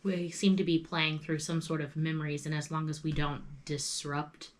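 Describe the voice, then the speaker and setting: A woman at a tabletop game, chatting in a casual, wry way. Her voice sits a little low. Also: little pitch movement, normal speed. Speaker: player. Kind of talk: casual chat.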